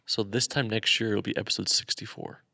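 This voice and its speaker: A young man co-hosts a casual podcast in a low, gravelly voice. He jokes around, teases his co-host and playfully calls people out. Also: steady tone, brisk, bright, forceful tone. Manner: joking, playful, fond of call-outs. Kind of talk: casual chat.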